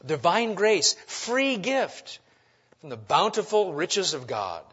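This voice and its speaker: Pastor guy preaching, highish voice, loud then quiet, muffled lo-fi sound. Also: big pitch swings, measured pace, breathy edge. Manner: emphatic preaching with rhetorical questions and big swings in loudness. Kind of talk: sermon.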